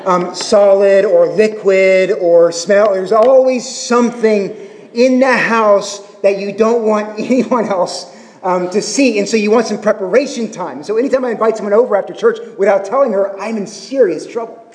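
A man's voice: sits high, moderate pace, darkish tone, in a large hall. A middle-aged man preaching a sermon, earnest and explanatory, with humorous asides about his family. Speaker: pastor.

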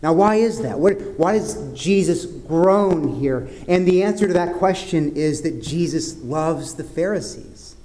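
A man's voice: fairly high pitch, animated, unhurried, hardly any pauses. Man preaching an earnest sermon. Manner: earnest preaching, drops to soft grave tones. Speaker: pastor.

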